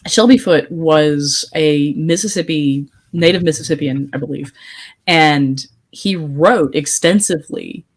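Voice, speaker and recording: A woman co-hosting a casual podcast chat, opinionated and emphatic, talking in quick bursts with restarts. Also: low-pitched. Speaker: podcast co-host.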